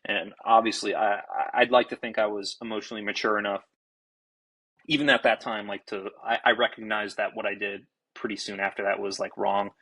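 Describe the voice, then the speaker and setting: A young man, a baseball pitcher and podcast guest, telling a story in an animated, casual way, swearing freely and restarting his sentences. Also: brisk, rough recording. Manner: animated, self-described fiery, swears freely, many restarts.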